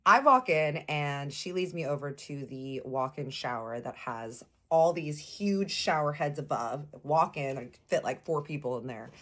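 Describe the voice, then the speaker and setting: A young woman from Texas telling a personal story in a casual vlog, animated, playful and slangy. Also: deep voice, measured pace, few pauses.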